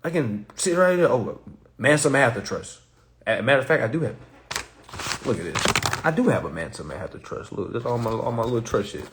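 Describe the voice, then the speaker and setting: A man's voice: medium pitch, expressive, a little fast, fairly bright tone, a little hiss or hum. A man teaching an online class in a casual, streetwise way, firing off profane rhetorical questions and laughing between points.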